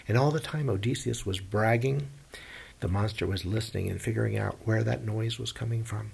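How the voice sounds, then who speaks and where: A man telling an old myth aloud in plain, animated, folksy storytelling. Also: fairly low pitch, fairly quick, gravelly, slightly rough. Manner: animated, plain-spoken retelling with folksy phrasing.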